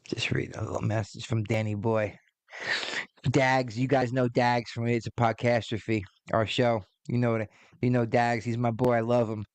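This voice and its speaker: A man in his forties hosts a podcast in a mid-range, level voice, a little slow, on a dry recording. His casual rant is exasperated and profane, packed with swearing and rambling asides.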